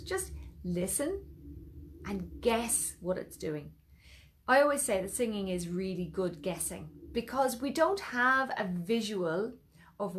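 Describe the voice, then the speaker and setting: An Irish woman teaching singing, leading vocal warm-ups and encouraging learners to copy her sounds in a playful way. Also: mid-range voice. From Ireland.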